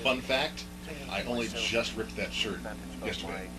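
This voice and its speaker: A man's voice: lowish voice, measured pace, poor audio. A man chatting on a commentary track, easygoing as he recalls details. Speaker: cast member doing commentary. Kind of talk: casual commentary chat.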